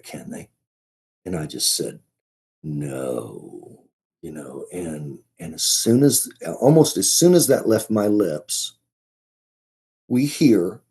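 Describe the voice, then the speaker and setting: A man as a podcast guest, telling a story in a casual, halting way, often restarting and repeating his words. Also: low voice, dark tone, husky.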